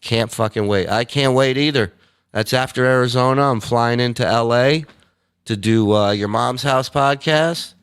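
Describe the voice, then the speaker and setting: A man hosting a casual livestream, reading out viewer messages in a loose, profane way and breaking into loud, high impressions. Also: normal speed, clean tone, dry recording, studio quality. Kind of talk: casual chat.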